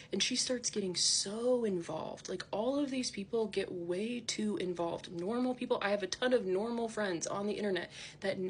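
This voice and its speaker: A woman's voice: medium pitch, slight background noise. A woman vlogger ranting to camera, indignant and defensive, her talk full of "like" fillers.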